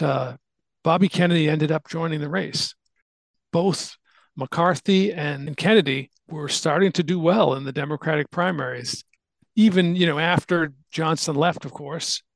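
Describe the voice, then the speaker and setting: A man's voice: fairly high pitch, creaky, no room sound. A man hosting a podcast, casually explaining history at length with fillers and restarts. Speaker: podcast host.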